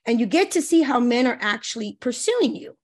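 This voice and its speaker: A woman with a notably high voice speaks as a relationship coach on a talk show. She tells stories with energy and acts out what people say in playful voices. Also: fairly quick, slightly rough. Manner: lively, breaks into playful quoted voices. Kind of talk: animated advice chat with acted-out quotes.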